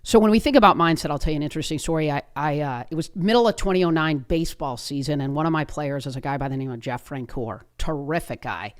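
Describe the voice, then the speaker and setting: A woman's voice: sits low, fast, hardly any pauses. A woman hosting a podcast, telling a motivational story with energy and emphasis. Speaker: podcast host.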